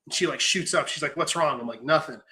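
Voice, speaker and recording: Brief: young man, higher voice, rapid-fire animated storyteller with a foul mouth. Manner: animated storyteller, swears freely, acts out quotes. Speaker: podcast host. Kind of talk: casual chat.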